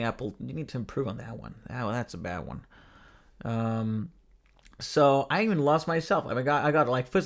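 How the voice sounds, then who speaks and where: A man hosting his own podcast, talking casually and directly to viewers with exasperated, sarcastic rhetorical questions. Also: mid-range voice. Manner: chatty, addresses viewers as guys. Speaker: podcast host. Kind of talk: casual spoken commentary.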